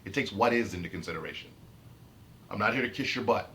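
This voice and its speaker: A man's voice: lowish voice, fast, fairly bright tone. A man ranting about his autism in an unscripted vlog, heated and emphatic, repeating and restarting his phrases. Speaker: autistic vlogger. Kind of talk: unscripted rant to camera.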